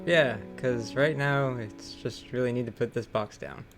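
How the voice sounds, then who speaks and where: A man's voice: mid-range voice, unhurried. A man co-hosting a video game stream, making dry, wry remarks, with game music behind. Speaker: let's play co-host. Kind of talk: casual let's play commentary.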